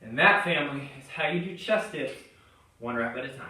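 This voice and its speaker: A man's voice: mid-range voice, lively intonation, a little fast, pushed and bright. A male fitness trainer demonstrating chest dips, giving coaching cues and encouragement, a little out of breath. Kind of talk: exercise tutorial demonstration. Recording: very echoey gym from far off.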